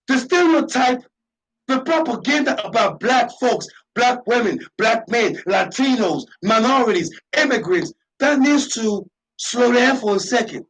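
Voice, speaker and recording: High-voiced man preaching on a talk show. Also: animated, measured pace, a bit bright, poor audio. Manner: preachy, repetitive, emphatic. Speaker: radio talk show host. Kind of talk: impassioned monologue.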